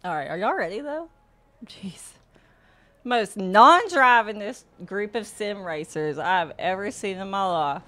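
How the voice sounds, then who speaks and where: A woman's voice: medium pitch, animated, a little slow, a bit bright. A young woman from Mississippi streaming sim racing and chatting casually with viewers, laughing often and swearing now and then. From Mississippi, US South. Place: home sim racing setup. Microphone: desktop USB microphone.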